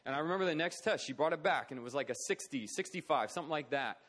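A man's voice: fairly high pitch, lively intonation, quick pace, a bit bright. A middle-aged man speaking at a charity talk, telling a personal story in an earnest, conversational way. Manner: earnest, conversational, acts out quoted voices.

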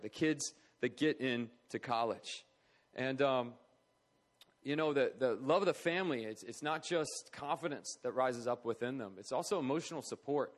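A middle-aged man speaking at a charity talk, telling a personal story in an earnest, conversational way. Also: on the high side. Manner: earnest, conversational, acts out quoted voices.

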